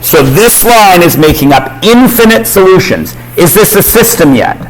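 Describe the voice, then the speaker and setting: A man's voice: high voice, very animated, normal speed, soft background music, low-quality recording. A man teaching a math class, quizzing students and cracking jokes. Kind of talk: classroom lesson.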